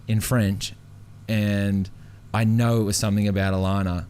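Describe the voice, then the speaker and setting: A man's voice: on the low side, little pitch movement, normal speed, a little mellow, a little hiss or hum. Laid-back young man. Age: young adult. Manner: laid-back, frequent "yeah" and "like". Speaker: guest, professional surfer. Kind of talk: casual chat.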